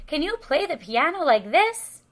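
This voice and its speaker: A woman voicing Toad, a boastful male toad who shouts and calls out frantically in a storybook reading. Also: fairly high pitch, sing-song, moderate pace, full character voice. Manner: loud exclaiming, then frantic calling. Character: boastful showy toad, grown male, panicky.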